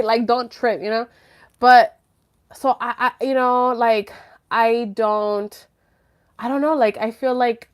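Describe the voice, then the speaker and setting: A woman's voice: a little high, pushed and bright. A young woman hosting a live stream, chatting casually and candidly with viewers in slangy speech full of fillers and the odd curse. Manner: laughs nervously when flustered. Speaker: livestream host answering viewer chat. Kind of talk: casual chat.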